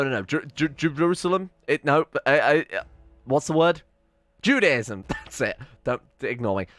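A man's voice: a little high, fairly bright tone, no room sound. A man giving rambling, casual commentary on his strategy game, often cutting himself off and swearing. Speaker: let's-play streamer.

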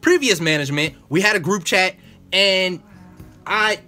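A man's voice: sits high, animated, unhurried, sharp tone, faint music behind. A man telling a workplace story as a profane, exasperated casual rant, full of slang. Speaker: vlogger.

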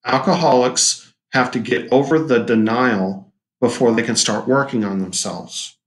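Male teacher, casual and jokey, mid pitch, echoey classroom sound. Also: unhurried. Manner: casual, joking, acts out quoted lines. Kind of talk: recorded classroom lecture.

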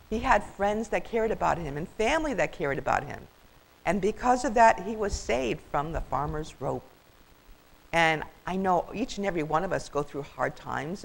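An older woman reading a children's story aloud as a grandmotherly storyteller, in a warm, expressive way. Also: lowish voice, vocal fry, rough recording.

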